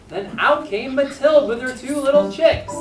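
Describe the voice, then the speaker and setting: A woman narrating a children's stage play, telling the story slowly and clearly while cueing the young performers. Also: high voice. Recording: echoey stage from far off with music.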